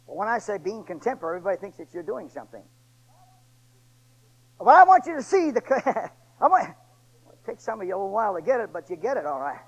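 A man preaching a sermon in a folksy, colloquial storytelling way that swings between booming emphasis and hushed asides. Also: sing-song, quick pace, long pauses, rough recording.

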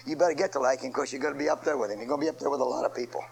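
A man preaching a sermon, swinging from quiet asides to shouted, repeated phrases. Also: mid-range voice, racing, creaky, rough recording.

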